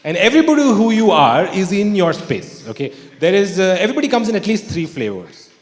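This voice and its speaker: A man performing stand-up on a theatre stage, his voice sitting fairly high and swinging widely in pitch. His delivery is dry and deadpan, broken by sudden loud outbursts, and the sound rings through a roomy hall with audience noise clearly underneath. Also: a little fast. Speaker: stand-up comedian. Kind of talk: stand-up comedy set. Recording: echoey live hall with audience. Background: audience laughter.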